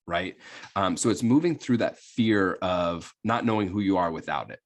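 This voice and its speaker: A man's voice: lowish voice, animated, normal speed. A man coaching on self-sabotage in a casual, rambling talk full of fillers and "right?" checks, sometimes coarse and plain-spoken. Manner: rambling, many fillers and tag questions.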